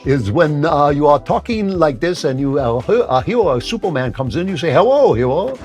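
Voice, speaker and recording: A man's voice: on the high side, animated, normal speed, darkish tone, faint music behind. A man in his late seventies hosting a comedic talk segment, dry and sarcastic, muttering asides as he guesses. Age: 70s. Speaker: show host.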